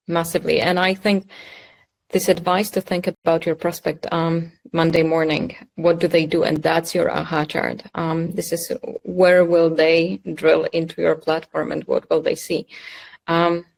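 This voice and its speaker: A woman's voice: deep voice, level tone, unhurried, vocal fry, rough recording. A woman hosting a podcast interview, asking questions thoughtfully and a bit hesitantly. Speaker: podcast host.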